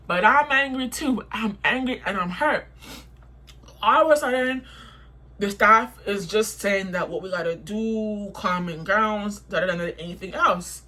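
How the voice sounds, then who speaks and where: A woman's voice: mid-range voice, a little slow, sharp tone. A young woman telling a storytime vlog, heated and profane, repeating herself as she vents. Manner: heated, profane, repetitive venting.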